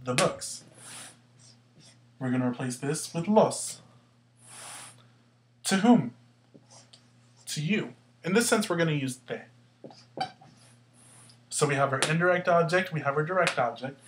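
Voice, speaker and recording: Man, fairly high voice, teacher walking through grammar steps, poses and answers his own questions. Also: a little hiss or hum. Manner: asks questions and answers them himself; carefully sounds out words to show stress. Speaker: Spanish teacher. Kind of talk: explaining grammar step by step.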